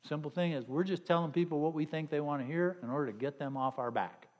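A man's voice: on the high side, fast talker, darkish tone. A middle-aged man preaching a sermon in a loose, conversational way, with sarcastic asides and jokes for the congregation. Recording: long reverb of a hall.

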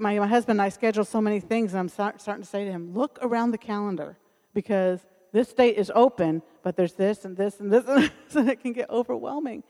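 A woman's voice: medium pitch, mellow. A middle-aged woman giving a sermon with a personal testimony, telling the story earnestly and acting out the voices of the people she quotes. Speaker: speaker at a church service. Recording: long hall reverb.

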